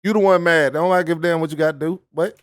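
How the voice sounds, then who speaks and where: A man's voice: a little high, steady tone, fast. A man hosting a reaction video, heckling a clip in profane, slangy casual commentary. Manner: profane, heckling, mock-lecturing; dialect-heavy casual slang.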